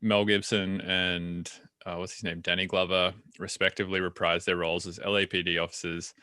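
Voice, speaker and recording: A podcast host talks loosely, swearing and stalling on fillers. His voice sits very low yet has a bright, forceful edge. The sound is close and dry, with no room around it. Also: level tone, a little fast, clean tone, no echo. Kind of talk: casual chat.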